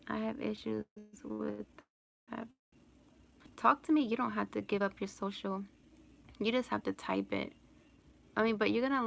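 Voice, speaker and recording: A woman's voice: medium pitch, gravelly, fairly bright tone. A woman vlogger chatting casually on a live stream and answering viewer questions, rambling and laughing often. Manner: rambling, laughs often, lots of "like" and "you know".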